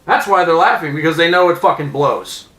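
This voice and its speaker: A man in his thirties ranting angrily as a sports fan, profane and sarcastic, with loud outbursts. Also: on the high side, brisk, reverberant, low-quality recording. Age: 30s. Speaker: vlogger. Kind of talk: angry sports fan rant.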